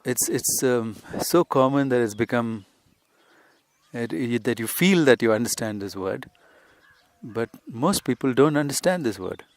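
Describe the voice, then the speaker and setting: A spiritual teacher and podcast host records an unscripted lesson outdoors on a hillside, rambling conversationally and saying "you see" a lot. His mid-range voice has lively intonation and a slightly slow pace, with no room sound.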